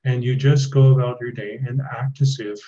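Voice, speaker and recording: A man's voice: mid-range voice, steady tone, moderate pace, dark tone, muffled recording. A man explaining advice as a guest in a podcast interview, in a conversational, explanatory way. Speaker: guest expert.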